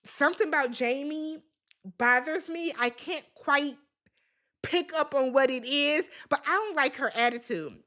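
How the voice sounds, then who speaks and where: A woman hosting a casual recap vlog, talking in an animated, gossipy and emphatic way and swearing freely. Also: high-pitched, measured pace. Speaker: reality TV recap host.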